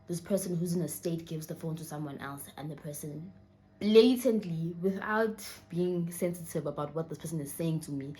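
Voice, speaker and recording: In a low-pitched, dark voice with a bit of hiss or hum on the recording, a young woman in her twenties tells a personal story for her vlog. Seated indoors, she has a Southern African accent, holds back tears, and often sinks to a near whisper.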